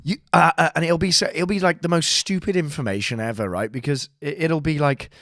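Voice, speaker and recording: A man's voice: on the high side, fairly quick, fairly bright tone, no room sound, studio quality. A man co-hosting a comedy podcast, telling stories with sweary banter and mocking impressions. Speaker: podcast co-host and actor. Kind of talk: casual comedic chat.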